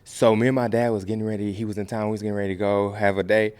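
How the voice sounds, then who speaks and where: A man from the American Midwest speaks in a somewhat low voice as a podcast guest. He tells his story loosely and casually. He keeps jumping into the voices of the people he quotes. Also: racing, smooth. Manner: animated, acts out quoted voices.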